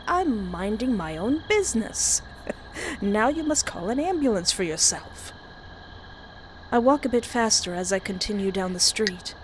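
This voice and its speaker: A woman's voice: mid-range voice, a little slow, rough recording. A woman reading a horror visual novel aloud with commentary, reacting dramatically and laughing often. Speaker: game streamer. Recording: steady background hiss.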